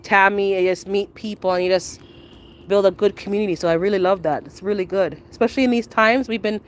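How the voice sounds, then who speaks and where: Walking through her backyard garden beside a rail line, a woman from Canada responds to viewer comments during a casual livestream. She talks fast at a medium pitch, with slight background noise.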